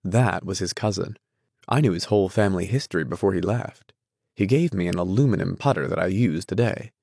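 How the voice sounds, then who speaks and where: A man's voice: deep voice, brisk, vocal fry, darkish tone, no echo, studio quality. Man reading a cool, offhand young woman.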